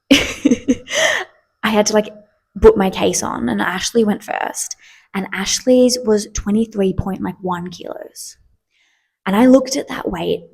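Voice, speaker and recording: A woman's voice: medium pitch, gravelly, darkish tone, husky. A young woman hosting a podcast, telling travel stories in a chatty way with lots of fillers and acting out the people in them. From Australia. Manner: chatty, filler-heavy, acts out quoted exchanges. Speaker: podcast host. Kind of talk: casual storytelling.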